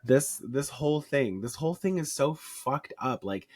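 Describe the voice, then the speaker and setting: A podcast co-host with a Southern US twang, talking in blunt, emphatic, profane bursts with quick asides. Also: mid-range voice, expressive, a little mellow, slightly rough, no echo, studio quality. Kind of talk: casual podcast chat.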